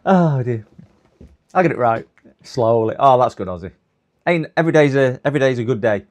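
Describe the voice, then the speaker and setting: A man hosting a computer repair livestream, chatting casually and rambling, his voice going hoarse with frequent throat clearing. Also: mid-range voice, lively intonation, fast talker. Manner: chatty, rambling, laughs at his own jokes. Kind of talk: casual live-stream chat.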